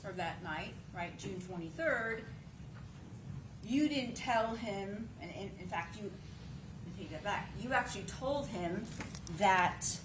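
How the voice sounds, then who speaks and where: A woman's voice: a little high, background noise. Woman cross-examining with leading questions. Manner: pointed, leading questions ending in "right?". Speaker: defense attorney. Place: courtroom.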